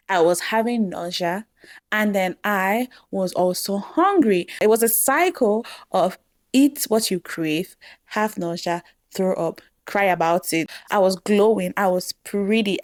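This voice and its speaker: A woman's voice: mid-range voice, dry recording, studio quality. A young woman from Cameroon telling her own story to camera in a casual, dramatic way, acting out what she said. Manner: dramatic, animated retelling with acted-out quotes. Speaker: vlogger.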